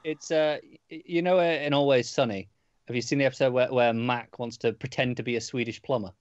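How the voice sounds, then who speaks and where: A man's voice: medium pitch, steady tone, brisk, no room sound, lo-fi sound. A man co-hosting a casual podcast chat, wry in tone and often restarting his sentences. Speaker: podcast co-host.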